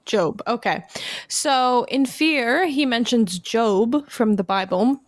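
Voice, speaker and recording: A woman's voice: a little high, expressive, takes it slowly, no echo, studio quality. A woman co-hosting a casual podcast about a rap album, explaining background facts plainly and agreeing readily with her co-host.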